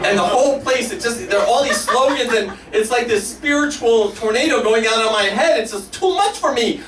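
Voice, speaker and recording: A man performs a self-deprecating comic story live at a small café, laughing through his own lines. His voice is very high-pitched, a bit bright and a little fast, picked up from a distance in a roomy space with faint noise.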